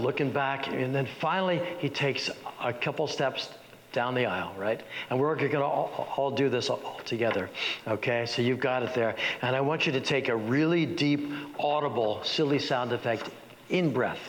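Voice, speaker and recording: A man teaching an acting workshop, talking with energy and often stopping to restart his sentences. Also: fairly high pitch. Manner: energetic, many restarts and stammers. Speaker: workshop leader. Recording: echoey hall with faint noise.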